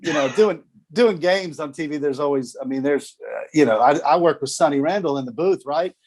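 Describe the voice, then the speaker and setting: A man of about sixty with a slightly high voice, a TV sports director speaking as a guest on a video call. He tells stories in a chatty, easy way, laughs often and repeats a few words before each phrase gets going. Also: brisk, darkish tone. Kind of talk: casual storytelling in an interview.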